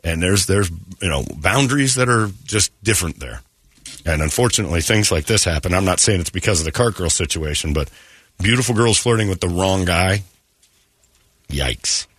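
A man's voice: low-pitched, expressive, normal speed, a bit bright, slightly rough, no echo. A man hosting a morning radio show, telling a story in casual banter and slipping into quoted voices.

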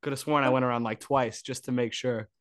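A man's voice: medium pitch, steady tone, brisk, fairly bright tone, dry recording. A man from the United States hosting an interview, friendly and chatty, asking long rambling questions. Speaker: host. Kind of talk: casual interview chat.

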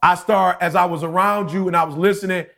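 A man in his forties on a casual podcast, telling a story with lively acted-out quotes. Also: high-pitched, quick pace. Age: 40s. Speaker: podcast co-host.

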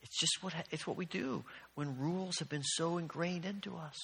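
A man preaching a sermon as pastor, telling stories with an animated, earnest delivery from the front of a church sanctuary. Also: fairly high pitch, moderate pace, vocal fry, slightly rough. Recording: long church reverb.

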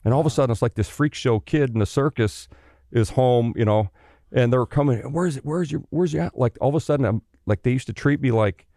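A middle-aged man from Canada, a former pro hockey player, telling stories in a casual, animated way, swearing freely and acting out the people he quotes. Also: medium pitch, brisk, no room sound, studio quality. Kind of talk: casual storytelling.

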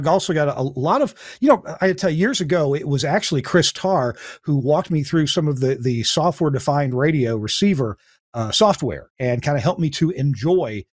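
A man hosting a casual talk show, with a voice pitched a bit high for a man. He speaks haltingly and keeps restarting his sentences. The sound is dry and close. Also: dry recording. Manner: halting, full of uh fillers and restarts, laughs often. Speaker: host.

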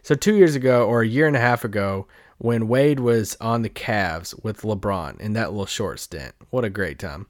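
A man with a fairly low voice speaks at normal speed in a dry, clean studio recording. He's a sports reporter hosting a podcast, telling a loose, rambling story and laughing often along the way.

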